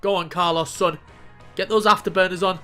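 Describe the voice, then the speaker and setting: A young man casually commentating his own football video game, excitable and sweary, calling the play as it happens. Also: high voice, fairly quick, faint music behind. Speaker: gaming YouTuber.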